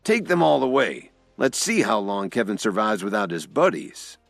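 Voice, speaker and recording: A man voicing an arrogant, threatening older man in an audio drama, speaking loud and growling. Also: on the low side, very animated, normal speed, vocal fry, no room sound, soft background music, heavily acted. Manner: growling, haughty. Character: arrogant, menacing older man, proud bully.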